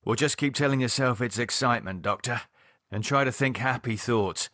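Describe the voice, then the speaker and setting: Here is a blunt, sweary man with a dry wit, talking quickly and sardonically in a storybook horror scene, as a male reader puts him on. His voice sits at an ordinary middle pitch. The recording is close and dry, with no room sound. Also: pushed and bright, no echo, close to an everyday voice. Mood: sardonic. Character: edgy blunt man reviving a vampire.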